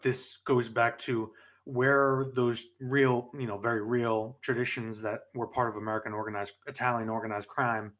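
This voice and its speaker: A man's voice: medium pitch, flat delivery, normal speed, hardly any pauses, fairly bright tone. A man from New York co-hosting a gaming podcast in casual chat, rambling and correcting himself mid-sentence. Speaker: podcast co-host.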